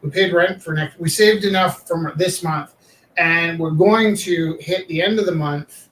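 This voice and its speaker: A man rambles casually, his voice a bit high and thick with fillers. He sits back from the mic in an echoey room. A faint hiss runs underneath. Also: unhurried, a bit bright, distant mic. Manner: rambling, chatty, trails off with fillers. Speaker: live-streaming artist. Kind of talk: casual chat while drawing.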